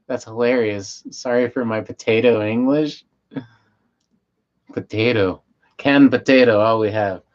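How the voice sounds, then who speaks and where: A man hosting a casual livestream, high and rambling, swearing freely and losing his train of thought as he reads chat aloud. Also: lo-fi sound. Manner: loose, meandering, self-interrupting, stoned and swearing. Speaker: livestream host.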